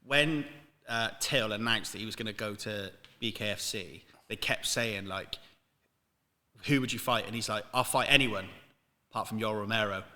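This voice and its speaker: A man from Wales tells sweary anecdotes on a casual podcast, laughing as he goes. His voice is bright. The room behind him rings with a long reverb. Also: fairly low pitch, normal speed. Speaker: podcast co-host.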